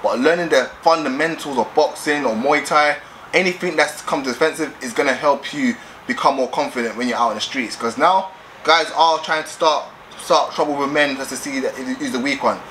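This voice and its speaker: Brash young vlogger, mid-pitched and insistent, faint background noise. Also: male voice, moderate pace, fairly bright tone, poor audio. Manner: assertive, repetitive, streetwise slang. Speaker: vlogger giving dating advice. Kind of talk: casual advice vlog.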